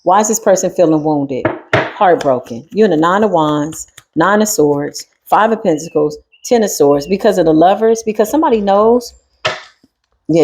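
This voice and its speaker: A woman's voice: fairly low pitch, warm tone, breathy edge. A woman doing a spiritual tarot reading in a sassy, streetwise style, talking straight to the viewer and to the spirit. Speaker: tarot reader.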